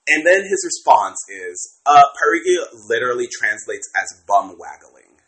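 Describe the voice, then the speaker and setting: A man co-hosting a casual podcast, critiquing a book in an animated way, swearing freely and acting out quotes. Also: medium pitch, normal speed, poor audio. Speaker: podcast co-host.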